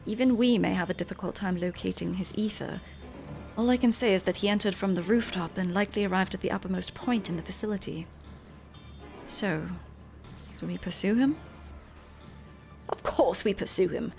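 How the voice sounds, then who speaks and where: A woman voicing solemn ancient scholars from a game story in a put-on British accent, with a grave, measured delivery. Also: mid-range voice, gravelly, a little mellow, soft background music, close to an everyday voice.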